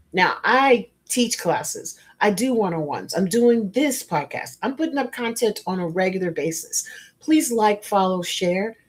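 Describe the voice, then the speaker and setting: A woman's voice: mid-range voice, breathy edge. A woman spiritual life coach hosting a motivational podcast, speaking emphatically and bluntly and addressing listeners directly. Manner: emphatic, blunt, with frank asides.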